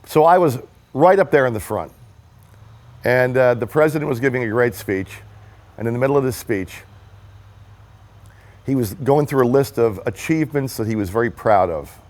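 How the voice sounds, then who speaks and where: A man's voice: mid-range voice, expressive, normal speed, long pauses, darkish tone. A man telling a personal story in an earnest, emphatic way, speaking as a political rally supporter giving a testimonial. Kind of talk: personal story told to the camera.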